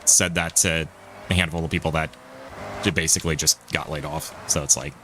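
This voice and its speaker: A man's voice: rumbling low, steady tone, brisk, noisy background. A young man streaming live, chatting in a rambling, restarting way with frequent swearing while he plays a driving game. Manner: rambling, restarts sentences, swears and laughs often.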